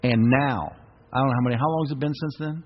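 A man's voice: mid-range voice, fast. A middle-aged male pastor preaching a sermon, urging the congregation to repeat phrases back to him. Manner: exhorting, call-and-response with congregation. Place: church sanctuary. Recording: dull reverberant church recording.

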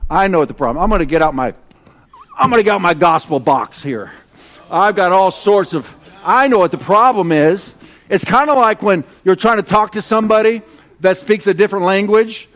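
High-voiced man preaching with call-and-response. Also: a little fast. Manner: animated and conversational, leads call-and-response with the congregation. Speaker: pastor. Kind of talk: sermon. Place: church sanctuary.

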